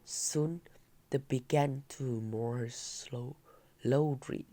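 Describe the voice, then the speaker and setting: A woman, a Vietnamese native speaker, reading a children's story aloud with a halting delivery and small slips. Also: very deep voice, dark tone. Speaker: reader.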